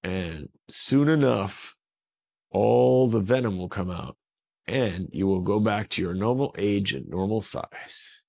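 A man voicing a wise male volcano spirit who explains a cure in a slow, calm, instructive way. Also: lowish voice, gravelly, full character voice. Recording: dull lo-fi recording.

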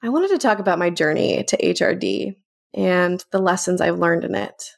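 A woman's voice: lowish voice, moderate pace, vocal fry. A young woman hosting a podcast segment, speaking in a heartfelt, grateful way and getting a little emotional. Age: young adult. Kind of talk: casual personal talk to camera.

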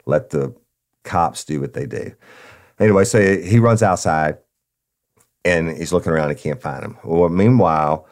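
A former police officer hosting a podcast, telling a crime story in a blunt, profane, emphatic way. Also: male voice, a bass voice, normal speed, pauses often, a little mellow. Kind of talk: casual true-crime storytelling.

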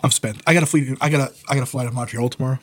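A man on a podcast, chatting casually and telling profane, animated stories. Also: mid-range voice, very fast. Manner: animated storyteller, swears freely, acts out quoted voices. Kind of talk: casual chat.

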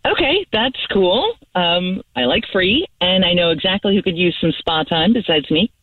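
A woman's voice: fairly low pitch, lively intonation, moderate pace, no room sound, recorded from a distance. Woman, phone call, tinny line, dry, giggly chatty manner. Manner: bubbly, giggly, then apologetic. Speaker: caller on the phone. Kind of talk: phone conversation.

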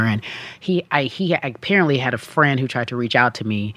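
A woman guest speaking candidly in an interview, telling her story with animated delivery and acting out quoted voices. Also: a bass voice, brisk, dry recording.

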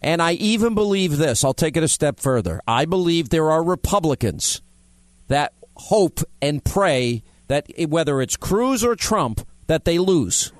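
Talk radio host, male, slightly high voice, dry close mic, blunt and emphatic. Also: animated, unhurried, dry recording. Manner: blunt, emphatic, teasing callers. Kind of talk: talk radio, taking calls.

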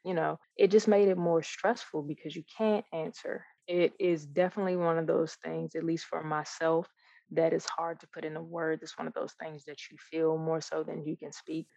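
Low-voiced woman, earnest and reflective. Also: level tone, moderate pace, vocal fry, no echo, muffled recording. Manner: reflective, earnest, with frequent restarts and soft laughs. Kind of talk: candid personal conversation.

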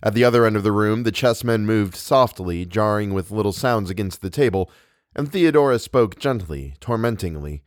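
A man narrating a novel as an audiobook in a measured, unhurried way. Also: fairly low pitch, lively intonation, no room sound, clean studio sound. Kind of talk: audiobook reading.

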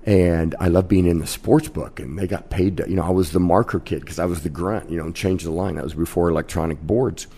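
A man in his fifties, originally from Kansas, spins brash, animated anecdotes about his casino-host career in a podcast interview. His voice sits very low and carries a rough, gravelly edge. He talks with swagger and punchy timing. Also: fairly quick, hardly any pauses, a little hiss or hum.

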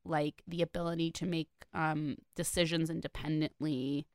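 Smooth-voiced rambling woman co-host. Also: low-pitched, level tone, moderate pace, dry recording, clean studio sound. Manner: rambling, filler-heavy, self-deprecating. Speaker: podcast co-host. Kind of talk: casual chat.

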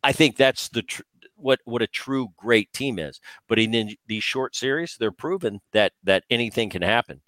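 A man's voice: medium pitch, moderate pace, fairly bright tone, no room sound. A man co-hosting a baseball podcast, a former player who talks in a casual, emphatic way and often repeats himself as he restarts. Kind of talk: casual sports talk.

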